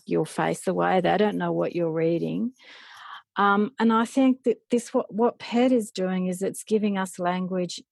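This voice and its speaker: A woman, a parent guest talking casually and haltingly, with many fillers. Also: fairly low pitch, gravelly, a little mellow, no echo. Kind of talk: casual chat.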